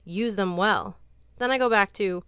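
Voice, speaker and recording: A woman's voice: mid-range voice, measured pace, a bit bright, smooth, dry recording, clean studio sound, close to an everyday voice. A woman reading an audiobook, voicing a fierce, bitter young woman warrior in a brusque, sardonic tone. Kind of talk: audiobook character voice.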